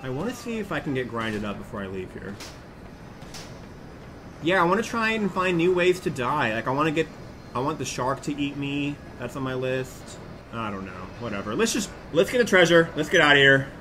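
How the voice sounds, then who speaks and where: A young man casually commenting as he plays a video game, animated and prone to shouting at what happens on screen. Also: mid-range voice, moderate pace, a little hiss or hum. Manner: animated, exclaims and yells at the game. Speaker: gaming YouTuber.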